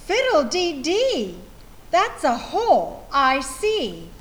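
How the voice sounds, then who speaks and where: A woman voicing a fussy, tidy farm woman who exclaims in a drawn-out singsong. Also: high voice, huge pitch swings, fairly bright tone, exaggerated voice.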